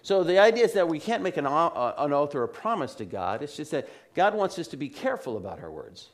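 Man, pastor, expository sermon, earnest, slightly high voice, measured scripture reading. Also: very animated.

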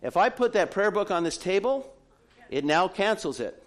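A middle-aged male pastor delivering a sermon with a lively, swooping delivery. His voice sits a little high for a man, and he tells stories with playful, humorous asides. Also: moderate pace. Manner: animated storytelling with humorous asides.

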